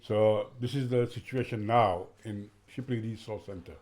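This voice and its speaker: A man, a father and carer, speaking in an interview in a halting way and often saying "you know". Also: fairly low pitch, a little mellow.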